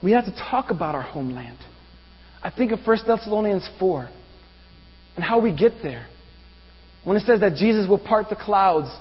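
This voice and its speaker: Guy preaching in a church, lots of questions to the crowd, muffled recording with echo and a buzzing hum. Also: high-pitched. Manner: rhetorical questions to the congregation. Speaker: pastor. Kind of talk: sermon. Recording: dull reverberant room with mains hum.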